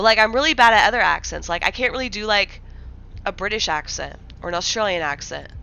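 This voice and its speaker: A young woman from the Midwest rambles to her stream viewers in a bright, sharp voice, piling on fillers and half-finished thoughts. The audio is a little muffled and dull, like a typical home stream mic. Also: medium pitch, a little hiss or hum. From American Midwest. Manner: rambling, filler-heavy, many likes and restarts. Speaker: livestreamer. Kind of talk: casual livestream chat.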